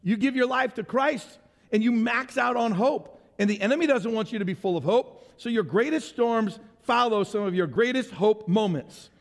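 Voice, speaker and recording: A man preaching a sermon as pastor, animated and conversational, asking the congregation questions and making playful sound effects. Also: extremely high pitch, normal speed, long reverb tail.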